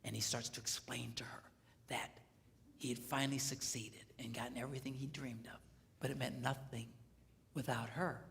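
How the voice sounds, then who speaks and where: A man giving a live relationship seminar, swinging between hushed whispers and shouts. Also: medium pitch, fairly even intonation, normal speed, vocal fry. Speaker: seminar speaker. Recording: echoey hall.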